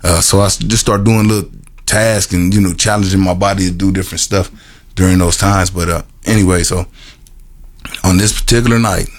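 A middle-aged or older man giving an earnest personal testimony to a group, with halting, repetitive phrasing and many restarts. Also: low voice, fairly even intonation. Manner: earnest and emotional, laughs at himself. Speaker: formerly incarcerated man telling his story.

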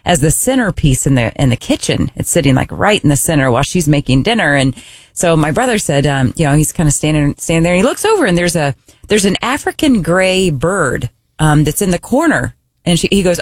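A woman co-hosting a radio show, telling a funny family story in an animated way, often laughing and acting out the voices. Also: sits low, fairly quick, no echo. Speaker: radio co-host.

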